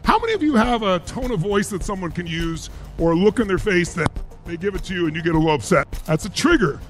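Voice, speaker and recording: A man speaking from a seminar stage, his voice sitting high for a man and leaping all over in pitch. He talks emphatically as a motivational speaker and keeps throwing questions out to the audience. Faint music runs underneath him. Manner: emphatic, asks the crowd rhetorical questions. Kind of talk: live seminar speech to an audience.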